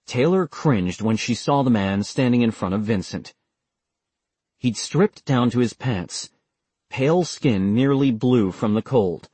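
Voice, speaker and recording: A man reading scripted audiobook narration in a steady, measured way. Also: mid-range voice, husky, no echo.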